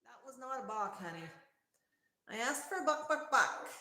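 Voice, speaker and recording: A woman's voice: fairly high pitch, expressive, moderate pace, pushed and bright. A woman hosting a livestream, talking to her pet parrot at home in coaxing, affectionate baby talk. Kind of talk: sing-song pet talk. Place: indoors at home. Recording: echoey room.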